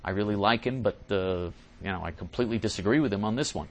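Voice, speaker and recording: A man's voice: on the low side, fast talker, a little hiss or hum. Emphatic man hosting a talk show. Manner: emphatic and repetitive. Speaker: radio host answering listener mail.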